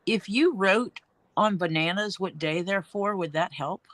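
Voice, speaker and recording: A woman's voice: medium pitch, unhurried, no echo. A woman streaming her leatherwork from a home basement workroom, chatting and thinking aloud as she works. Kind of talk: casual livestream chat while working.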